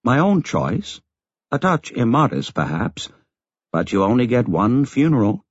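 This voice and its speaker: A man voicing a calm, mildly self-deprecating elderly man in an audiobook. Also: medium pitch, a little slow, husky, dry recording, highs cut off, voice pushed up. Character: elderly tall white-haired man, calm, modest.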